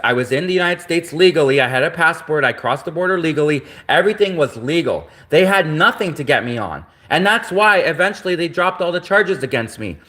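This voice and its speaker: A man from Canada delivers an indignant livestream rant in a slightly high voice. He circles back to the same phrases again and again, hammering each point home. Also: sharp tone. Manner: repetitive, indignant ranting. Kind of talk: ranting livestream monologue.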